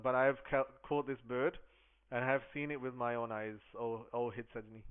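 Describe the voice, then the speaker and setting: A man with a smooth, resonant voice tells a devotional story and explains its verses, circling back eagerly over his words. He recites the verses slowly in a chanting way. The sound is thin and boxy, like a phone line. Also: mid-range voice, level tone.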